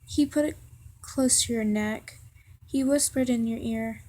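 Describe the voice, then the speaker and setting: A young woman reading a second-person fan story aloud in a halting way, with fillers and restarts. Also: on the high side, warm tone.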